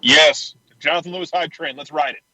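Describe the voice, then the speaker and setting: Bright, blunt male co-host, lo-fi line. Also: a little high, steady tone, a little fast, no echo. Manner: blunt, joking takes. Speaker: podcast co-host. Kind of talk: casual sports chat. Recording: dull lo-fi line with faint noise.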